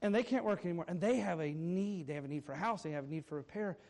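High-voiced man preaching a sermon. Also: fast talker, a little mellow. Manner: earnest, emphatic preaching with asides. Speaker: pastor.

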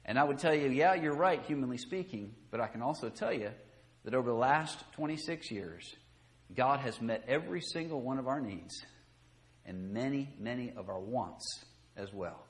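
A man's voice: mid-range voice, animated, normal speed. A middle-aged man preaching a Sunday school lesson, folksy and conversational, building emphasis and chuckling at his own asides. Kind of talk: sermon.

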